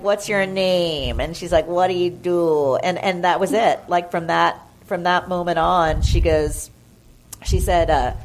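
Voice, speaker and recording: A woman's voice: lowish voice, a little mellow. A woman guest on a podcast, chatting casually and gushing as she tells stories, acting out the voices of the people in them. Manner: chatty, gushing, full of fillers and acted-out quotes. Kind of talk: casual storytelling chat. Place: podcast studio.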